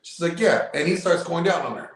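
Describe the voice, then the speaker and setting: A man's slightly high voice rings through a very echoey room. He is a guest in a casual chat, rambling through a long anecdote with fillers. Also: fast talker. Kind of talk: casual storytelling.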